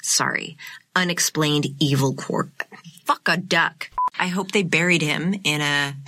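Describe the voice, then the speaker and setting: A woman's voice: low voice, unhurried, pushed and bright. A woman co-hosting a podcast, joking and swearing freely in casual chat, stumbling over words. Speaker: podcast co-host. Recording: noisy home podcast recording.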